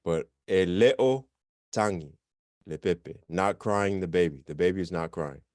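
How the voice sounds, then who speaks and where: Relaxed low-voiced man teaching a class. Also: a little slow, dry recording, studio quality. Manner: relaxed, self-correcting, chatty explanations. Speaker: language teacher. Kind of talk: informal online class.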